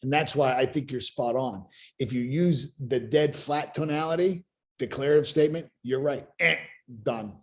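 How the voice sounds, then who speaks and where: A man hosting a live coaching Q&A on a video call, explaining with emphatic, animated energy. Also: medium pitch, moderate pace. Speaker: sales coach and host.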